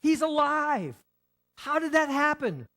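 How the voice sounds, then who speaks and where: A man acting out a crowd of amazed mourners with excited exclamations, voice raised well above his usual pitch. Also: slow pace, exaggerated voice. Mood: astonished.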